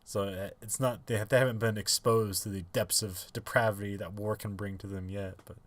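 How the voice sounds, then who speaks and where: A man's voice: lowish voice, fairly even intonation, moderate pace. A man co-hosting a podcast in casual chat, rambling with many fillers and restarts and laughing often. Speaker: podcast co-host.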